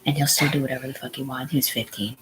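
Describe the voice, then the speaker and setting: A woman's voice: extremely low pitch, fairly even intonation, rapid-fire, background noise. A woman hosting a livestream, telling a rambling, profane story and often dropping to a whisper. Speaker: livestream host.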